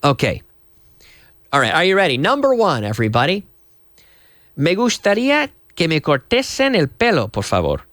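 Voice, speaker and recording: A man's voice: on the high side, huge pitch swings, moderate pace, long pauses, a bit bright. A man from Canada teaching English vocabulary on a TV lesson, spelling words out and switching into Spanish.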